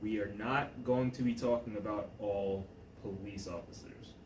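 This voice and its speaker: A man's voice: on the low side, moderate pace. A young man hosting a podcast in playful, casual chat, steering the conversation. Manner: playful, lively, leads the talk. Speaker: podcast host. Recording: echoey room from far off, with noise.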